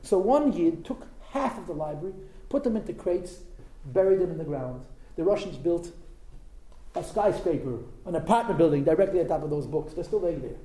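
A man's voice: fairly high pitch, animated, normal speed, dark tone. A man telling a story in an informal religious talk, conversational and emphatic, with asides to his listeners. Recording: roomy echo with faint background.

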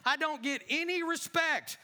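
A man's voice: very high voice, a little fast, bright, forceful tone, clean tone, long reverb tail, pitched above the performer's own voice. A man acting out a grumpy father who whines and complains about everything on a Sunday morning. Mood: indignant. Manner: whiny, exasperated ranting. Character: grumpy middle-aged father, whining and complaining. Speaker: one-man skit in a sermon.

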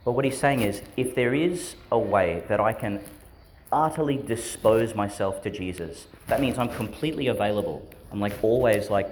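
A man's voice: medium pitch, moderate pace, a little mellow, slight background noise. A man, a priest giving a homily to schoolchildren in a chatty, questioning way that often breaks into laughs. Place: school church service.

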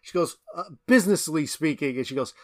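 A man's voice: on the high side, lively intonation, normal speed. A man co-hosting a podcast who jumps in to act out quoted lines from a film. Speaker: podcast co-host. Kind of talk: casual film review chat.

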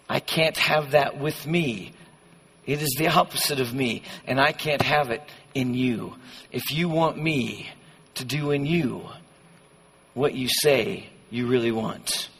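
A man voicing Jesus as a holy, firm figure who speaks slowly and solemnly. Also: mid-range voice, fairly bright tone, breathy edge, pitched below the performer's own voice, heavily acted. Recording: long hall reverb.

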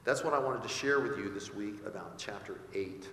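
A man's voice: on the low side, normal speed, fairly bright tone, a little hiss or hum. A male pastor preaching a sermon, often asking his congregation rhetorical questions. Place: church sanctuary. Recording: echoey hall with faint ambience.

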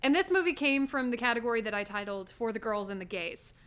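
Woman co-host, fairly high and bright-toned; giggly, rambling, friendly film-chat energy. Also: lively intonation, fast talker, clear, resonant tone. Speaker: podcast co-host. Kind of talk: casual movie-review chat.

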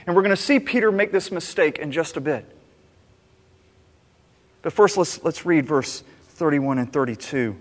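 High-voiced pastor preaching in a reverberant hall. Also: male voice, expressive, moderate pace, long pauses. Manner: earnest, rhetorical questions, self-examining. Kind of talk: sermon. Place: church sanctuary.

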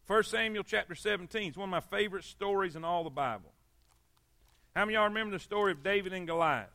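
A preacher man with a high, ringing voice leads an evening church sermon. He talks in a folksy, repetitive way and keeps calling for amens. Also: fast talker, bright, forceful tone, dry recording. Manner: folksy, repeats phrases, calls for amens. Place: church service.

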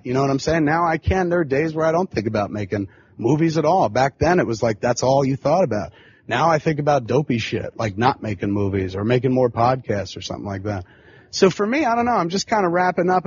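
A podcast host in his forties with an ordinary mid-range voice tells a loose, rambling story, swearing freely and leaning on filler phrases. The sound is muffled and lo-fi, with a light hiss in the background. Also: medium pitch. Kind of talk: casual storytelling monologue.

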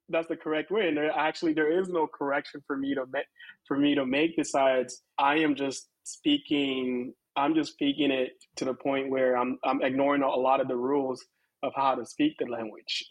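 A man's voice: a little high, fairly even intonation, normal speed, no room sound, poor audio. A man with an American accent co-hosting a casual talk show, reflective and laughing as he talks. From United States. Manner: reflective, many fillers and restarts, laughs while talking. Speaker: co-host. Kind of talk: casual conversation.

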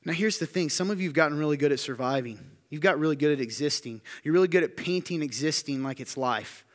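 A male pastor delivering a sermon in a church hall with a long, ringing reverb. His voice sits a little high and grows loud and insistent as he repeats phrases. He keeps checking in with the room through short rhetorical questions. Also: fast talker. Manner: emphatic, building to loud high-pitched intensity; repetitive rhetorical questions to the congregation.

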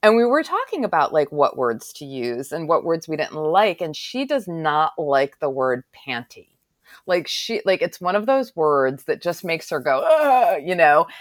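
A woman's voice: sits low, sing-song, normal speed, dry recording, clean studio sound. A woman hosting a podcast, chatting casually and thinking aloud with curious questions. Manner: thoughtful, lots of fillers, loose and curious. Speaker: podcast host. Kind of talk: casual interview chat.

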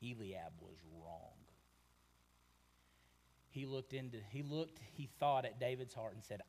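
A man preaching a sermon, animated, swinging from shouting to hushed tones and acting out the people in the story. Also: mid-range voice, measured pace, creaky, pauses often, a little hiss or hum. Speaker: pastor.

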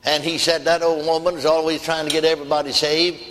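A man's voice: a little high, level tone, fast talker, a bit bright. A man preaching a sermon, telling a story in a folksy, emphatic way. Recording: long hall reverb.

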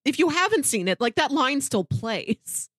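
A woman co-hosts a podcast, chatting casually and animatedly at a moderate pace with no room sound. She laughs often and her pitch swings widely.

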